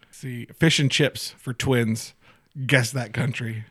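A man's voice: mid-range voice, steady tone, slow, a bit bright, slightly rough, no room sound, clean studio sound. A man hosting a casual chat, reading items off a list, laughing often and swearing casually.

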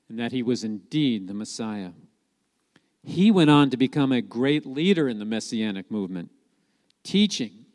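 Male preacher, mid-pitched voice, lively storyteller, recorded in a hall with long reverb. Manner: lively storytelling with rhetorical questions. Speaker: Messianic preacher. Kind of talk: sermon.

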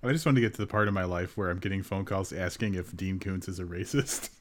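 A man's voice: low-pitched, quick pace. A man co-hosting a podcast, chatting casually and hunting for his words. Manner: laughing, rambling and searching for words. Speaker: podcast co-host. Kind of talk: casual chat.

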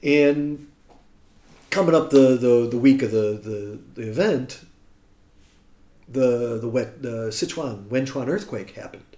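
A man's voice: mid-range voice, slow, pauses often. A man from the United States, a musician telling a casual anecdote and acting out the people he quotes. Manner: animated storyteller who acts out quotes. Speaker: guest musician. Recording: roomy echo.

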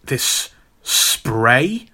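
A man retelling a comic plot in a loose, rambling chat full of ums and restarts. His voice is bright and forceful, at an ordinary pitch for a man. He keeps the story moving casually as a host. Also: big pitch swings, extremely slow, husky. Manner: rambling, with many fillers and laughs.

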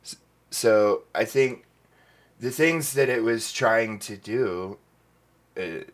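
A man's voice: on the low side, slow. A man co-hosting a podcast in casual chat, hesitant with many fillers. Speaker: podcast co-host.

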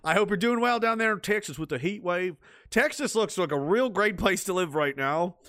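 A man's voice: high-pitched, expressive, normal speed, a bit bright, dry recording, clean studio sound. A man reading viewer messages on a livestream, ranting and swearing, trailing off into mumbled asides. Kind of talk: profane livestream chat reading.

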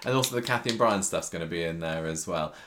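A man's voice: deep voice, quick pace, very noisy. A man co-hosting a podcast in casual chat, joking and laughing often. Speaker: podcast co-host.

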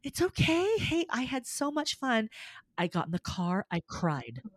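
Lively storytelling soprano woman, dry close mic. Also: high-pitched, unhurried, dry recording. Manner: animated storytelling, acts out quotes, laughs often. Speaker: guest, soprano and voice teacher. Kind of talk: casual interview chat.

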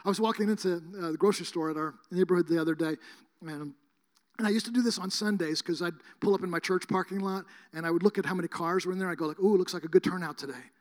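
A man's voice: sits high, fairly even intonation, fast. A middle-aged man preaching a sermon, telling a story and acting out both sides of the conversation. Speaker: pastor. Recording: long reverb of a large hall.

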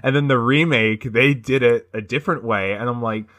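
A man's voice: mid-range voice, brisk, a bit bright. A man co-hosting a podcast, chatting casually about movies, swearing and laughing often as he rambles. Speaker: podcast co-host.

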